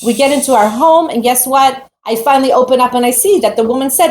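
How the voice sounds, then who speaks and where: Fast-talking animated woman teacher, echoey. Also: high-pitched. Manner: animated storytelling, acts out quoted voices. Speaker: Torah teacher. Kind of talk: storytelling Torah talk. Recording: roomy echo with faint background noise.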